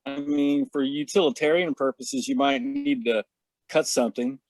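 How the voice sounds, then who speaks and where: A man's voice: a little high, very animated, moderate pace, creaky, no room sound, faint music behind. A middle-aged man talking frankly and casually as a podcast guest, laughing at himself and swearing now and then. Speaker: podcast guest, martial artist.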